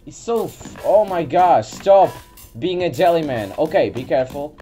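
A woman's voice: deep voice, animated, measured pace, warm tone. A woman hosting a gaming video, giving let's-play commentary as she exasperatedly scolds her character and swears, close to a desk mic. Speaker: gaming channel host. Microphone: desk mic near keyboard. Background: faint game music.

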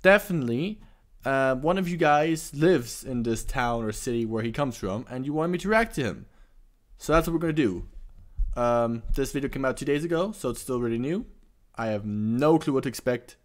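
A man's voice: mid-range voice, animated, moderate pace. A man hosting a reaction video, chatting casually with lots of fillers and restarts. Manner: hesitant, many fillers and restarts.

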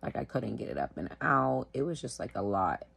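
A sick woman at home, wheezing and short of breath, talking casually to the camera in a tired, slow way. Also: very deep voice, very animated, gravelly, fairly bright tone, slightly rough. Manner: tired, slow, filler-heavy. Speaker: vlogger sharing her illness.

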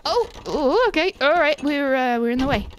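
A woman streaming a game live, chatting casually and squealing with excited giggles. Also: high voice, moderate pace, slight background noise. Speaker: Twitch streamer.

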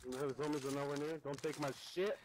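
A man with a fairly high voice gives quick, clipped callouts over voice chat. He sounds distant, and clear background noise runs behind him. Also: fairly even intonation. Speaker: teammate.

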